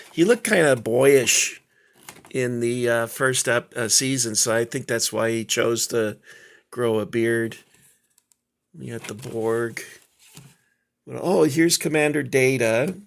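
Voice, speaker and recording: Slow gravelly man rambling about toys. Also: medium pitch. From Southern California. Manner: rambling, halting, many fillers. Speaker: toy collector host. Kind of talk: casual show-and-tell chat.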